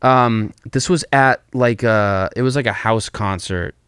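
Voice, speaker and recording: A man's voice: lowish voice, unhurried, a bit bright, smooth, no echo, clean studio sound. A man hosting a podcast in casual chat, rambling, laughing often and swearing freely. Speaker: podcast host.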